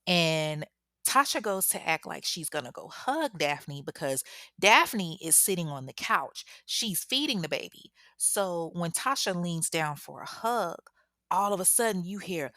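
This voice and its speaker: A woman's voice: sits low, lively intonation, moderate pace, sharp tone, dry recording, studio quality. A woman telling a true crime story in a chatty, casual way, talking straight to listeners. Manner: chatty, addresses listeners directly.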